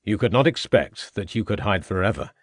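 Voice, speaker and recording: A man doing a calm Victorian inspector. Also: lowish voice, a little fast, no room sound, clean studio sound. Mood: firm.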